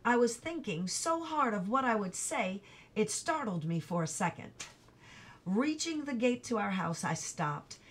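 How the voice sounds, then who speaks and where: A woman reading a chapter of a novel aloud in an even, unhurried storytelling manner. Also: medium pitch, breathy edge. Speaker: audiobook reader.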